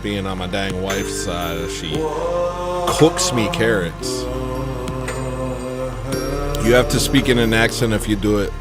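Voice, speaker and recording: A man's voice: lowish voice, expressive, unhurried, long pauses, over loud music. A young man hosting a comedy livestream, rambling and joking as he reads the chat, laughing often. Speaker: livestream host.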